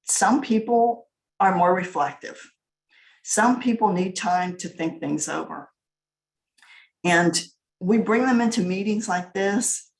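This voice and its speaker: A woman's voice: mid-range voice, slow pace, creaky, long pauses, roomy sound. A middle-aged woman giving a casual business workshop talk, chatty and often laughing as she tells stories.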